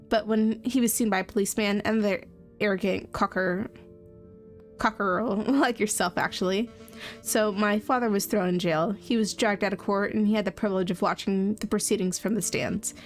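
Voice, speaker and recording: A woman voicing a vengeful young rebel woman in a game, accusing and intense, with soft music behind. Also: mid-range voice, close to an everyday voice.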